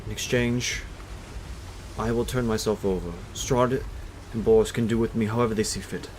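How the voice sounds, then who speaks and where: A man doing a pleading zealot leader, low-voiced. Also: fairly even intonation, normal speed, noisy background, close to an everyday voice. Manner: pleading, humble.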